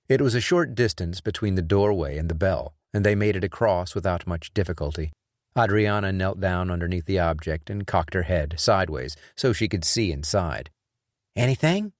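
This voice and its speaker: Male narrator, thriller audiobook, very deep voice, dry booth, measured delivery. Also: no echo. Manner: measured, even reading. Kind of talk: scripted narration.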